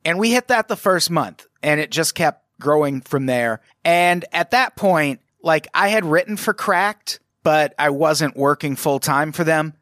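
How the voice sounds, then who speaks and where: An American man hosting a commentary video, sarcastic and profane, with animated asides. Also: fairly high pitch, a little slow, few pauses, dry recording, clean studio sound. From United States. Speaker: commentary host. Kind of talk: casual scripted commentary.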